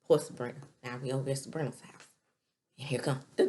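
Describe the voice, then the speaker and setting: A woman casually recapping a TV episode, chatty, with quick asides between scenes. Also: extremely low pitch, steady tone, warm tone. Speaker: TV episode reviewer.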